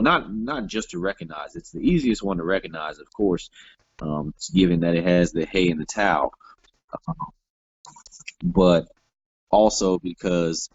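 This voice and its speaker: Male teacher, low dark gravelly voice, explanatory classroom delivery full of fillers, dull lo-fi classroom recording. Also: dry recording. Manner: explanatory, frequent fillers and self-corrections. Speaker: Hebrew teacher. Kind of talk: classroom grammar lesson.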